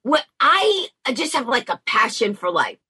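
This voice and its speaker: A middle-aged woman speaks as a radio guest, telling stories at a rapid, bubbly clip. Her voice sits a little high and has a husky edge. She acts out the voices of people as she tells her stories. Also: sing-song, bright, forceful tone. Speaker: guest, motivational speaker and comedian. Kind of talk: storytelling in an interview.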